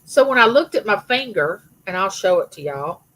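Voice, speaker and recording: A woman's voice: mid-range voice, very animated, moderate pace, fairly bright tone, rough recording. A middle-aged woman hosting a casual live chat with her viewers, telling rambling personal stories. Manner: chatty, rambling storyteller, greets viewers by name. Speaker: livestream host.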